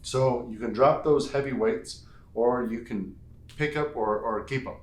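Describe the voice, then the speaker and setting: Guiding a strength session at home, a male fitness instructor counts out the reps and slips in playful comments along the way. He speaks at a medium pitch and measured pace, and the room sounds echoey.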